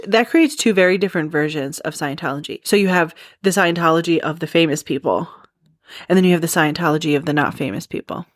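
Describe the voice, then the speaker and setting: A woman's voice: fairly low pitch, no room sound, studio quality. A woman hosting a podcast, explaining a topic in a chatty, casual monologue full of "like" and "you know". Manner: chatty, lots of "like" and "you know", laughs at herself. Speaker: podcast host.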